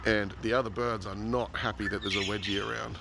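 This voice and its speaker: An Australian man narrates a casual nature video outdoors, his low voice rough with gravel. He talks chattily and with excitement, dropping to a hush when animals are close. A faint hiss sits under the handheld recording. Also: brisk. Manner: chatty and enthusiastic, drops to a hush near animals. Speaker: uncle filming a nature video for his nephews. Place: outdoors in a rural yard with bush and birds.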